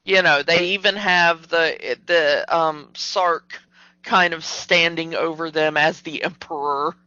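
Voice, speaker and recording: A woman's voice: low-pitched, steady tone, slow, pushed and bright, dry recording. A woman co-hosting a podcast, chatting skeptically and animatedly about a movie, with plenty of fillers. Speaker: podcast co-host. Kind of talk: casual movie discussion. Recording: dull lo-fi podcast audio.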